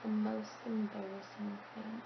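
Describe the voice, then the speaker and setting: A teenage girl answering Q&A questions hesitantly, full of fillers, in quick bursts. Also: medium pitch, little pitch movement, dull audio, background noise. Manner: hesitant, filler-heavy, speeding up. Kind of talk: casual Q&A chat.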